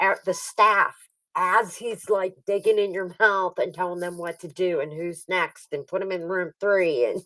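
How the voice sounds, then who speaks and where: A woman's voice: lowish voice, a bit bright, dry recording, recorded from a distance, low-quality recording. A woman hosting a casual stream chat. She tells stories animatedly, laughs often and acts out what other people said. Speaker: livestream host.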